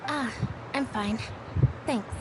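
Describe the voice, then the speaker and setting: A quiet, withdrawn young woman. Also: on the high side, slow, very noisy. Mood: wistful. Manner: soft, subdued, wistful.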